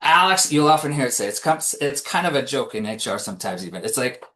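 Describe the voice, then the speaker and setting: A man's voice: medium pitch, very animated, fast talker, pushed and bright. Casual man presenting a webinar. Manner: casual, with frequent restarts and acted-out quotes. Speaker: compensation consultant presenting a webinar.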